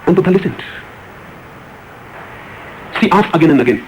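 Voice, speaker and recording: A man's voice: a little high, animated, moderate pace, pauses often, a little hiss or hum, low-quality recording. A man giving a spiritual discourse, retelling a parable with emphatic, repeated phrases. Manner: emphatic, repetitive, rising emphasis on key words. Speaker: spiritual speaker. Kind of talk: storytelling discourse.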